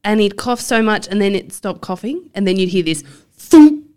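Woman nurse chatting on a podcast, relaxed, trails off a bit, smooth clear voice. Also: medium pitch, normal speed. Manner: relaxed, self-deprecating, trails off. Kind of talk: casual chat.

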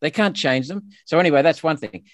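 A man's voice: a little high, brisk, dry recording, clean studio sound. Emphatic Australian man, indignant. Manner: emphatic, indignant, frequent restarts. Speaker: politician guest. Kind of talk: podcast interview.

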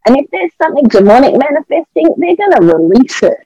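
A woman's voice: high voice, sing-song, fast, warm tone, no room sound, highs cut off. A middle-aged Australian woman, the wife of a pastor, tells church stories in an earnest and emotional way, with a lot of animation. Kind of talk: testimony storytelling on a podcast.

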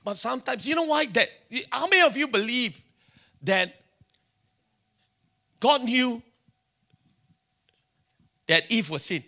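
A man's voice: very high voice, expressive, slow pace, creaky, long pauses, pushed and bright. A middle-aged man with a Singaporean English accent preaching a sermon, telling stories animatedly and acting out the dialogue. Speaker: pastor.

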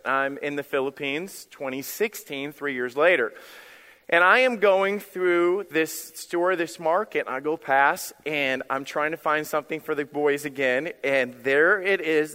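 Male pastor, lively sermon storyteller, voice on the high side, long hall echo. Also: smooth. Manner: animated storytelling with quoted dialogue.

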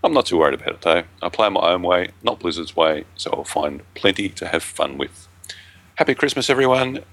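Man, very deep gravelly voice, bright edge, dry self-mocking podcast chat. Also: brisk. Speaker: podcast co-host. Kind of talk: casual chat.

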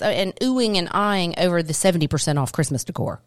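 Woman, middle-aged, lowish voice, dry close sound, animated storyteller. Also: quick pace, hardly any pauses, dry recording. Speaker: co-host. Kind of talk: casual chat.

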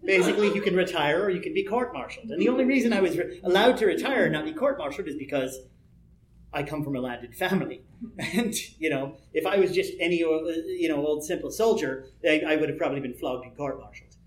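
A man's voice: a little high, animated, fast talker. Chatty man talking in an echoey room. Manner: rambling, chuckling, many "you know" asides. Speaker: panel speaker on role-play personas. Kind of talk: conversational workshop talk.

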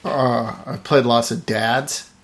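A man's voice: mid-range voice, steady tone, slow. A man, an actor guest on a podcast interview, answering in a dry, bemused way.

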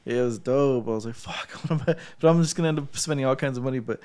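A man's voice: mid-range voice, fast talker, a little mellow. A man on a podcast, casually telling a story with heavy swearing and frequent laughs. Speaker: podcast co-host. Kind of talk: casual chat.

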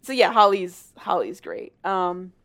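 A woman's voice: lowish voice, measured pace, a bit bright. A married woman co-hosting a podcast, chatting casually and retelling a story, laughing often and swearing freely. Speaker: podcast co-host. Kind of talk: casual chat retelling a book plot.

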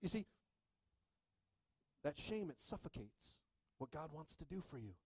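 Male pastor, middle-aged, energetic sermon, slightly high voice, dry sound. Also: unhurried, breathy edge, no echo. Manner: energetic, repeatedly asking "are you with me?".

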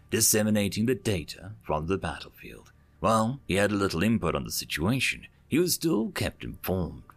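Animated male sci-fi story narrator. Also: fairly low pitch. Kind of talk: audiobook narration of online sci-fi fiction.

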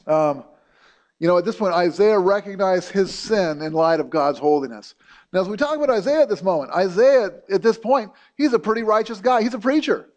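A middle-aged pastor preaches in a casual, talky manner, often circling back with "you know" and repeated words. His voice sits a little high for a man. He sounds like he is speaking straight to his congregation. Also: expressive, brisk, a little mellow. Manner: conversational, many fillers and restarts. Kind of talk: sermon.

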